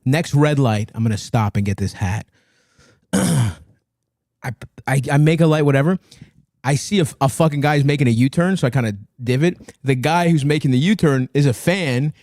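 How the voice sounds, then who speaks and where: A man in his thirties telling a story on a podcast in casual chat, profane and self-mocking, jumping into high voices for quotes. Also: normal speed, darkish tone, dry recording, clean studio sound.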